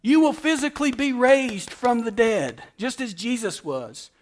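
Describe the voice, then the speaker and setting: A pastor preaching a sermon in church, repeating phrases for emphasis and moving between soft and loud delivery. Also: male voice, very high voice, lively intonation, a little slow.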